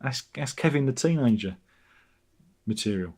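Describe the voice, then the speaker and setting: A man's voice: medium pitch, expressive, moderate pace, a little mellow, husky. A man hosting a livestream, rambling sardonically while reading out chat comments. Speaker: livestream host.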